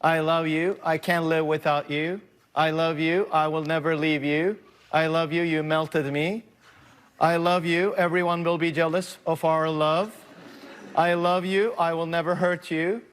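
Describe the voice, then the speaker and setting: Man doing a besotted Turkish fiancé, put-on accent, smooth high-ish voice, earnest and doting. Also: fairly bright tone. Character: lovestruck Turkish man proposing by letter. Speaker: translator.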